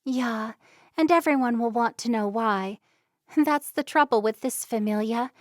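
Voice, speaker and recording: A woman voicing a caring young woman in an audiobook story, speaking in a gentle, reassuring way. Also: a little high, a little slow, dry recording, clean studio sound, voice pushed up, close to an everyday voice.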